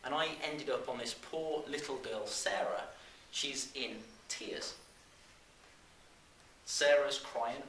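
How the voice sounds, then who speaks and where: A man in his thirties from the West Midlands of England, telling a story to a live audience in an animated way, with plenty of fillers and restarts. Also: mid-range voice, takes it slowly, long pauses. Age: 30s. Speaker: business speaker. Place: seminar room. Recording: roomy live room, distant mic, faint noise.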